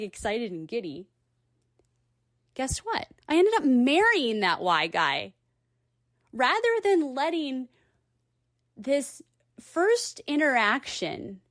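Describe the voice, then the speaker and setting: Woman, 30s, earnest encouraging storyteller, higher voice, very lively pitch, dry close sound. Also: no room sound. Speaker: vlogger giving advice. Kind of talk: personal storytelling and advice.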